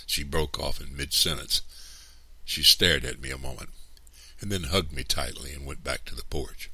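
A man narrating a story in measured, steady audiobook style. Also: extremely low pitch, slightly rough, no room sound.

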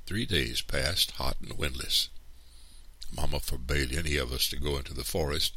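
A man narrating a story in measured, steady audiobook style. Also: extremely low pitch, husky.

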